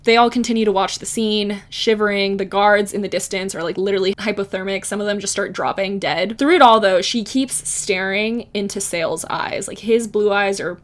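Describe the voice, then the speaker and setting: A woman's voice: medium pitch, moderate pace. Chatty woman recapping a book. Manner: chatty, lots of "like" fillers, laughs often. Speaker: book channel host.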